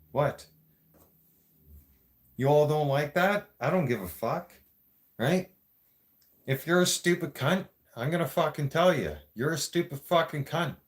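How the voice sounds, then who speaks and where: A man with a Toronto Canadian accent, ranting to camera in a blunt, profane and sarcastic vlog monologue. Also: mid-range voice. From Greater Toronto Area, Canada. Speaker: vlogger.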